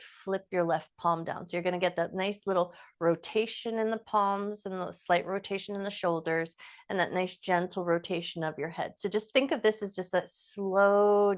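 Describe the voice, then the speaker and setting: A woman teaching a yoga class, giving calm, encouraging movement cues with slow, drawn-out phrases. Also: mid-range voice, smooth. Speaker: yoga instructor. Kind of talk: guided yoga class instruction.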